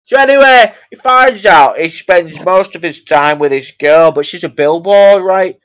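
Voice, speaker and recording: This young man tells stories in a rambling, excitable way, his voice sitting a little higher than most men's. He chats casually as a podcast co-host and keeps laughing at his own tangents. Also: a little slow. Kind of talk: casual chat.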